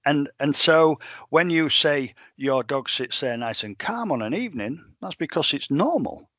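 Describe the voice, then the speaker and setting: Chatty dog trainer. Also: male voice, fairly high pitch, moderate pace, dry recording, lo-fi sound. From England. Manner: animated, chatty, plain-spoken. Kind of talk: storytelling in a podcast interview.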